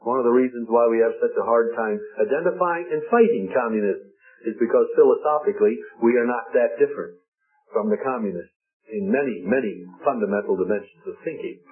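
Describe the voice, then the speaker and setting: A man preaching a sermon, slowing down and leaning hard on key words. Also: mid-range voice. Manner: emphatic, slows and stresses key words. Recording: tinny lo-fi broadcast audio.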